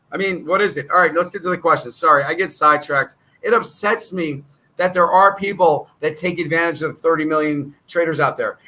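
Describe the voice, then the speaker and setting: Bright, high-pitched salesy man. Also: low-quality recording. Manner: rambling, salesy and combative. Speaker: trading educator hosting his own channel. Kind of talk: casual monologue to viewers.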